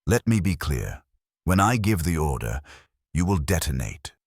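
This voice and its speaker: Cold menacing colonel, read by a man in a very deep, dry voice. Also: big pitch swings, moderate pace, creaky, breathy edge, no echo, heavily acted. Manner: cold, clipped, threatening. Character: stern cold male German colonel.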